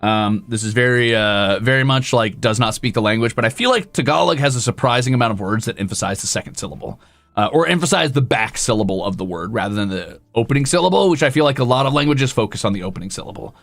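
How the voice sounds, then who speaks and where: Gravelly, animated male streamer. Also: mid-range voice, fast talker, dry recording. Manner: rambling, self-deprecating, talks to chat. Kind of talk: casual livestream chat.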